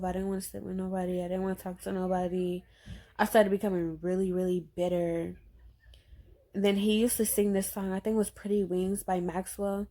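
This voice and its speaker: A young woman casually chatting to her viewers, telling a personal story in an animated way and acting out what people said. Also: mid-range voice. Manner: chatty, animated retelling with acted-out quotes. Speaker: vlogger.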